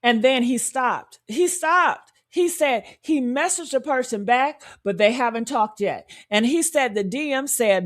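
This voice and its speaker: A woman's voice: fairly high pitch, lively intonation, measured pace, hardly any pauses. A woman hosting true-crime commentary in a sassy, emphatic style, repeating her points and calling her viewers honey and y'all. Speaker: commentary channel host.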